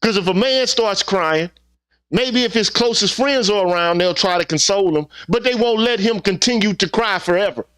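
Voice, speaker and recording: A man's voice: high voice, moderate pace, a bit bright, clear, resonant tone. A man hosting his own channel, delivering a heated opinion monologue with profanity and repeated rhetorical questions. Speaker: channel host.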